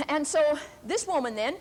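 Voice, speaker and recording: An older woman preacher telling a testimony in a sermon, deliberate and emphatic, drawing out key words slowly. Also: high voice, animated. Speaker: preacher and Bible teacher.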